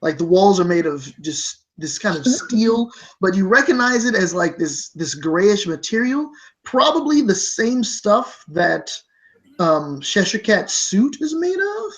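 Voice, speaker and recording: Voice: medium pitch, very animated, a little slow, rough recording. A game master narrating a tabletop game, with rambling, self-correcting descriptions and many fillers.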